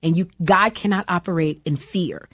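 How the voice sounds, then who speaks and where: A woman's voice: on the low side, moderate pace, no echo, studio quality. A middle-aged woman, an actress and comic, chatting in an interview and acting out the voices in her stories. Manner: animated storyteller, acts out quoted voices. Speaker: actress and comedian guest. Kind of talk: lively interview chat.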